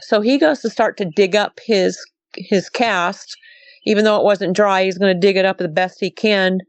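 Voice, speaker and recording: This middle-aged Montana woman, a guest in an interview, casually recounts a sighting and animatedly acts out the dialogue, repeating "she goes." Her voice is medium in pitch at a normal speed, with no echo.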